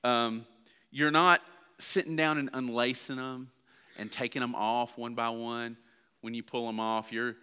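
A man's voice: medium pitch, flat delivery, measured pace, sharp tone, smooth. A man preaching a sermon, talking conversationally and asking the congregation questions. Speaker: pastor. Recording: long hall reverb.

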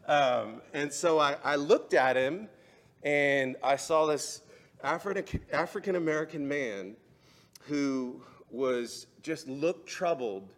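A man's voice: a little high, slow pace. Man preaching a heartfelt sermon. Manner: storytelling, rising to fervent preaching. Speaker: pastor.

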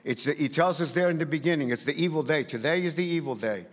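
A man's voice: on the high side, fast, long reverb tail. A man preaching a sermon in a light accent, emphatic and repetitive, often restarting his phrases. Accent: non-native English. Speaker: pastor.

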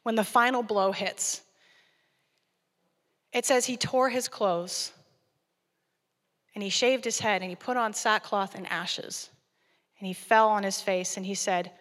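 A woman's voice: mid-range voice, steady tone, a little slow, long pauses, fairly bright tone, long reverb tail. A woman guest preacher giving a conversational sermon and acting out scripture dialogue.

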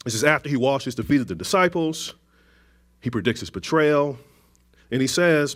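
A man preaching a conversational sermon, with frequent restarts, asides and gentle jokes to the congregation. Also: mid-range voice, lively intonation, normal speed, pauses often.

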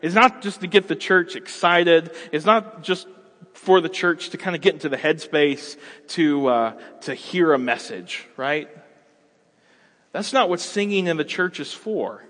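A man in his thirties preaching a sermon as a pastor, conversational and animated, acting out everyday scenes. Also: fairly high pitch, measured pace, long reverb tail.

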